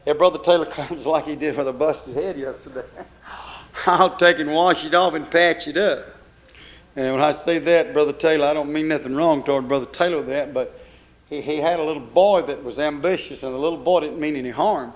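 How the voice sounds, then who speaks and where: A man's voice: fairly high pitch, normal speed. A man preaching a sermon, building to emphatic outbursts. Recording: lo-fi dull recording.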